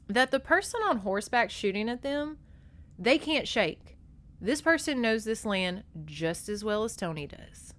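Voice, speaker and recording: A woman's voice: mid-range voice, a bit bright. A young adult woman hosting a podcast, recapping a novel in a chatty, gushing way, swearing freely, close on a microphone. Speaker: podcast host. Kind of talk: casual book recap.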